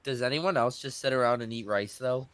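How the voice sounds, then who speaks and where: A man's voice: mid-range voice, a little fast, a bit bright, smooth, dry recording. A man co-hosting a podcast, easygoing and emphatic in casual chat. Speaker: podcast co-host.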